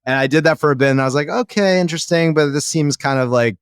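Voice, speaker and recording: Podcast host, male, 30s; smooth clear voice, dry close sound, eager casual talk. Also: on the high side, quick pace, no room sound. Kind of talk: casual conversational interview.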